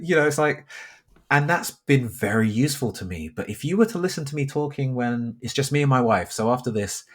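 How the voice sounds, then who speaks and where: A young man from London, a geography teacher talking as a podcast guest, speaking deliberately with careful pronunciation. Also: medium pitch, lively intonation. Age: young adult. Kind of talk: casual conversational interview.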